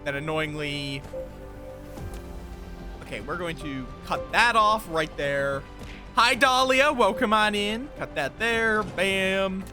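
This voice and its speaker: A man's voice: high voice, slow, over music. A man casually commenting on his live game stream, chatty and thinking aloud, greeting viewers as he builds.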